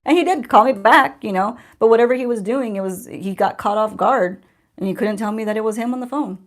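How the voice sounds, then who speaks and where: A woman's voice: on the high side, fairly quick. Chatty woman hosting a livestream. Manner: chatty, laughing, sarcastic. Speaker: beauty channel host. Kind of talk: casual livestream chat.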